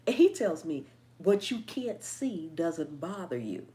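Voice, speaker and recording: A woman's voice: on the low side, big pitch swings, a little slow, dark tone. A woman hosting a gardening channel, chatting casually and reading viewer comments, playful and laughing often.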